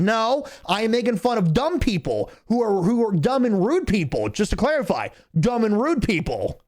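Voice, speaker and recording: Profane, animated man streaming a game. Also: high voice, brisk, few pauses. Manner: profane, laughing, animated venting. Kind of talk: casual gameplay commentary with storytelling.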